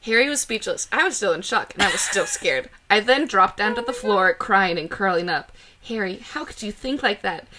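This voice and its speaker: A woman with a bright, clear voice hosts a podcast and reads fan fiction out loud. She reads it with drama and often breaks into laughter. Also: medium pitch, expressive, moderate pace, slight background noise. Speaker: podcast co-host.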